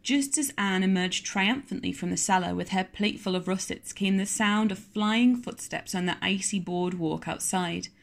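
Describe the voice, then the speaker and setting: Woman narrator, audiobook, measured, clear, mid-pitched.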